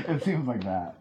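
Lively, joking woman podcast host. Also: rumbling low, dull audio. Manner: animated, joking, swears casually. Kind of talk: casual podcast chat.

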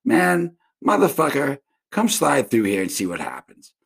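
A man's voice: mid-range voice, wildly swooping pitch, moderate pace, gravelly, husky. A man from South Florida hosting a casual solo podcast from home, rambling through a profane monologue with many restarts and tangents. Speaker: podcast host.

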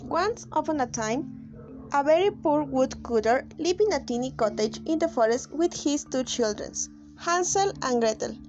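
A young woman with Spanish as her first language reads a fairy tale aloud, brisk and earnest. Her voice is high, and loud music plays under the recording. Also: animated, lo-fi sound. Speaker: student reader. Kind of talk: reading a story aloud.

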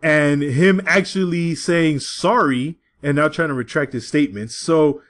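Profane, animated podcast co-host man. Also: a little high, unhurried. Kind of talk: casual podcast banter.

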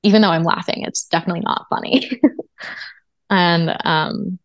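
A woman's voice: on the low side, steady tone, moderate pace, no echo. A woman guest in an interview, telling her own story in an earnest, reflective way. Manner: earnest and reflective, with frequent fillers. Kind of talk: personal testimony in a podcast interview.

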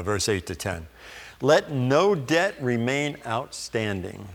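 A man preaching a sermon, reading scripture slowly and deliberately with pauses. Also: medium pitch, long reverb tail.

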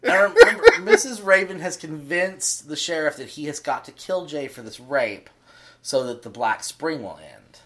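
A man co-hosting a casual podcast chat, telling stories in an animated way and acting out characters' lines. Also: a little high, moderate pace, creaky. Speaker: podcast co-host.

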